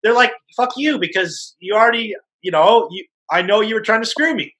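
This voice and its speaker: Man, podcast host, casual and profane, with a bright, tense edge to a fairly high voice. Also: brisk, low-quality recording.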